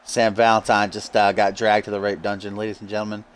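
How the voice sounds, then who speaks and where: Here the wrestling game host speaks quickly in a fairly low, smooth, level voice. He trades profane jokes with his co-hosts and often breaks into laughter.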